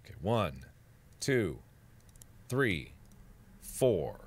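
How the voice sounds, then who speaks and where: Frustrated gamer man, muttering then yelling. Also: low-pitched, sing-song, drawn-out words. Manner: swings from muttering under his breath to shouting and yelling; swears in frustration, repeats phrases over and over. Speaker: gaming video host. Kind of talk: let's play commentary.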